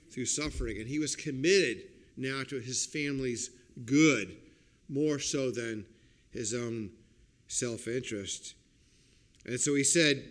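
A man preaching a sermon as a pastor, explaining a passage and checking in with listeners with "okay?" and "right?", and breaking into loud acted-out quotes. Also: medium pitch. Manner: acts out quoted lines with sudden loud outbursts.

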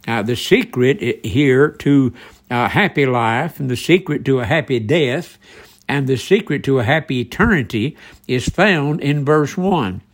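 A man's voice: medium pitch, expressive, unhurried. A man preaching a sermon, earnestly asking his listeners direct questions and often restarting his sentences.

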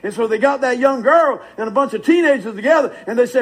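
An older preacher with a strikingly high, husky voice. He preaches with folksy fervor and keeps calling out to his listeners for a response. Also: animated, quick pace, low-quality recording. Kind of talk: sermon.

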